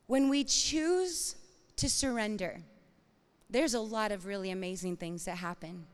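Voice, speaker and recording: A woman preaching a sermon in an expressive, dramatic way, acting out inner voices and reading scripture. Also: medium pitch, measured pace, clear, resonant tone, in a large hall.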